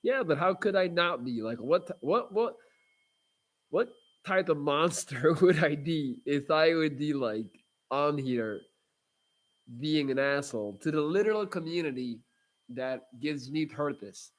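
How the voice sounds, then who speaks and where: A man's voice: a little high, animated, a little slow. A man hosting a casual livestream, chatting with viewers in a rambling, blunt way with lots of fillers and restarts. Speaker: livestream host reading viewer comments.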